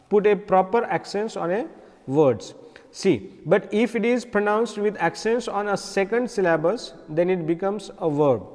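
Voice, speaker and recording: A man with an Indian accent teaching an English lesson, explaining slowly with many pauses and repeated words. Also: high-pitched, darkish tone, in a large hall. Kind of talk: classroom lecture.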